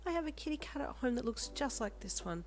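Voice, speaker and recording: A woman voicing a kind, motherly woman at a shop desk who speaks gently and comfortingly. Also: sits high, animated, brisk, a little hiss or hum, pitched above the performer's own voice. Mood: warm.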